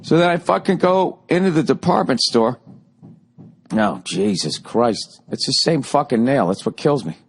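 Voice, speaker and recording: Man, solo podcast host, profane and rambling, jumps between loud rants and low mutters. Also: lively intonation, normal speed, breathy edge. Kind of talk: solo comedic monologue.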